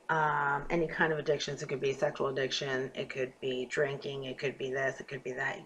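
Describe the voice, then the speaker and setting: Animated woman giving a tarot reading. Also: sits low. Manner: animated, emphatic, swings from murmuring to loud. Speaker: tarot reader. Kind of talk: casual astrology reading to camera.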